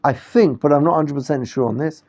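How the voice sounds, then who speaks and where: A man teaching a class in a relaxed, talkative way, his voice a bit high for a man yet dark and mellow in tone. He keeps asking whether everyone is following. The recording is muffled and lo-fi. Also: fairly quick. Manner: conversational, checks in with listeners. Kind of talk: classroom lecture.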